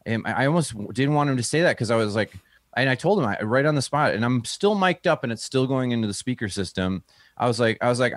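A man who is a comedian, telling a story in a relaxed interview and acting out the people he quotes in a higher voice. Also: brisk, dry recording, studio quality. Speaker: stand-up comedian, guest.

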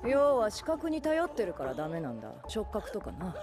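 Gruff old granny, anime, brisk and coarse. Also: female voice, medium pitch, wildly swooping pitch. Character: rough-spoken old granny, gruff and sly. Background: loud anime score.

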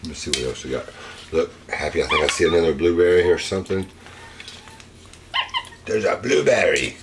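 Low-voiced man doting on his pet. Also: fairly quick. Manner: coaxing, doting pet talk. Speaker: pet monkey owner and channel host. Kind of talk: casual vlog talk to a pet. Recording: clear background noise.

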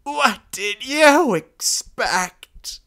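A man voicing an old, frail male pronghorn deer in a storybook reading, speaking in a high quavering voice that cracks toward crying. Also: expressive, drawn-out words, bright, forceful tone, exaggerated voice. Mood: grieving accusation. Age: older. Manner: quavering, breaking into cries.

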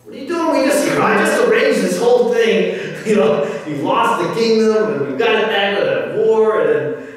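A man voicing a playful divine male hero in a retold scripture story, with a high, incredulous, teasing delivery. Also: huge pitch swings, slow, pauses often, full character voice. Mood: exasperated. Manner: incredulous, high-pitched exclamations. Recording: echoey hall, mic far off.

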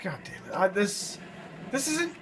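Excitable male let's-play host, high and very lively voice, yelling and swearing, distant noisy mic. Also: unhurried. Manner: hyperactive, loud outbursts and cursing. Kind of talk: excitable gameplay commentary. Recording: distant mic with loud noise.

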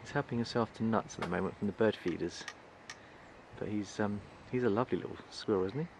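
A man with a deep, gravelly voice narrates from behind his camera as he films outdoors in a wood. He talks in admiring, gushing exclamations. Soft birdsong and outdoor hiss sit faintly underneath. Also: fast. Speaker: wildlife videographer. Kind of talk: off-camera commentary while filming. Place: outdoors in island woodland.

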